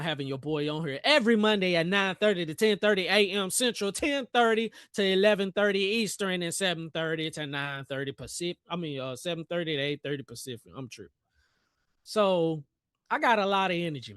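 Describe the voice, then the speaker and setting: A man's voice: fairly high pitch, fairly bright tone, no echo, clean studio sound. A young man hosting a live trading stream, giving playful, hyped commentary in slang and joking with his chat. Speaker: trading livestream host.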